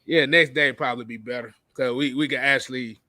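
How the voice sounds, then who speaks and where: A man's voice: medium pitch, steady tone, brisk, sharp tone, no room sound. A man co-hosting a live stream, chatting casually and laughing often as he acts out quotes. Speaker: podcast co-host. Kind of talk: casual chat.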